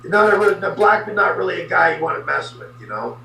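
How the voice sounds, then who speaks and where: A man's voice: high-pitched, lively intonation, fairly quick, vocal fry, sharp tone, roomy sound, far from the mic, poor audio. A man guest animatedly telling an anecdote in a podcast interview, adding sound effects.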